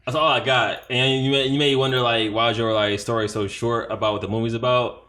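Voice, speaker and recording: A man's voice: medium pitch, fairly even intonation, fairly quick, bright, forceful tone. A man hosting a podcast, casually reviewing a movie with rambling asides and laughing at his own jokes. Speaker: podcast host. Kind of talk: casual chat.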